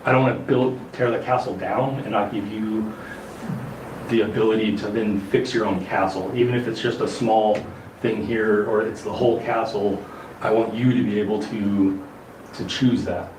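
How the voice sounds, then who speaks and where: A man calmly explaining on a reality show, measured and hesitant with frequent restarts. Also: fairly low pitch. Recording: roomy distant clip with noisy background.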